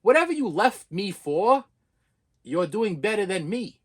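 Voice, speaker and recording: Man, fifties, emotional rant, stammering restarts, high voice, very animated pitch. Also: a little slow, breathy edge. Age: 50s. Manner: raw, repetitive, stammering restarts. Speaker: vlogger.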